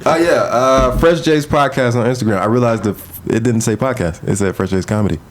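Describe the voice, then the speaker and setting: A man's voice: mid-range voice, a little fast, a little hiss or hum. A man hosting a casual podcast chat in a loose, joking, profane way. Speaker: podcast host.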